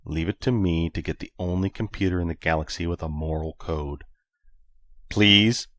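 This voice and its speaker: A man voicing a brash, exasperated male starship captain who talks loudly and pushily. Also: low voice, normal speed, dry recording, studio quality. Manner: loud, pushy and exasperated.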